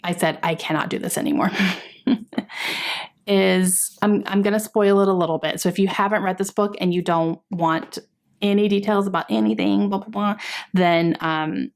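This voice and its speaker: A woman's voice: mid-range voice, fairly even intonation, moderate pace. A young woman vlogging a chatty book review, exasperated at times, with frequent sighs and fillers. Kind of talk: casual book review chat.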